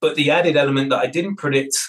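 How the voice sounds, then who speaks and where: A film director in casual interview chat, relaxed, with many fillers and restarts. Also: male voice, fairly high pitch, fast, poor audio.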